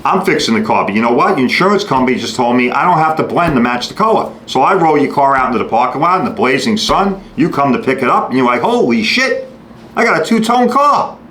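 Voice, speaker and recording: A man hosting a podcast, giving a blunt, sarcastic monologue and acting out customers and shop staff in quick quoted bits. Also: medium pitch, lively intonation, a bit bright. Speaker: podcast host. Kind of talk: opinionated monologue. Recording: echoey room with faint noise.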